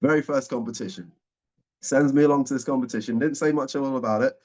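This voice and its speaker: A man around forty, a guest speaker telling a personal story in a lively way and acting out what people said. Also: medium pitch, quick pace. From England. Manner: lively storyteller, acts out the dialogue. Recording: dull, muffled audio.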